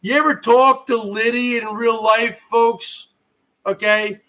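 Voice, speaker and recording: A middle-aged man hosting his own live stream, ranting at viewers in a loud, mocking way and often breaking into shouts. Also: very high-pitched, fairly even intonation, slow pace. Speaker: livestream host.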